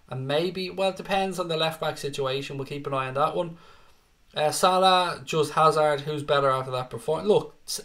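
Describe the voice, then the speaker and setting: A man's voice: a little high, fairly bright tone. A man hosting a casual live football reaction stream, reading out fan chat messages and answering them with brash, swearing banter. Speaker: livestream host reading fan comments. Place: home setup with no other audio.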